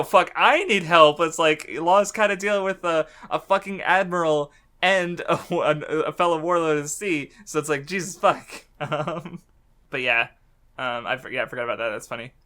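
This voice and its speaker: A man's voice: a little high, moderate pace, fairly bright tone, clear, resonant tone. A man co-hosting a podcast in casual chat, rambling with fillers, laughing often and swearing freely. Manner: rambling with many fillers and restarts. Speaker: podcast co-host.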